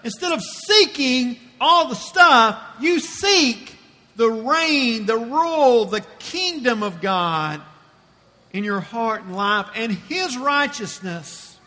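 A man's voice: very high-pitched, expressive, slow, sharp tone. A man preaching a sermon in a church, emphatic and repeating phrases for effect. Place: church sanctuary. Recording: long reverb from a church hall.

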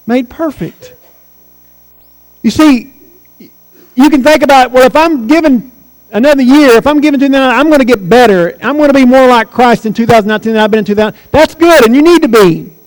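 A man's voice: very high voice, fast talker, in a large hall, poor audio. A man in his forties preaching a sermon as pastor, earnest and emphatic, repeating key phrases. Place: church sanctuary.

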